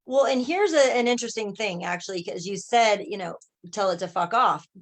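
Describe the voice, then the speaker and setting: A woman coach and healer in an animated, casual group chat on a video call, often checking in with her listeners as she tells stories. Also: mid-range voice, brisk. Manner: animated storyteller, often asks "right?" and acts out quoted voices.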